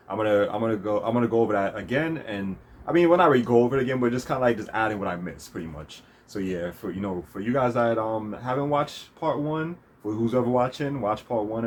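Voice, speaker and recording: This vlog host has a deep voice and tells a story in a loose, rambling way, full of fillers and false starts. He laughs often, and a little background noise sits under his speech.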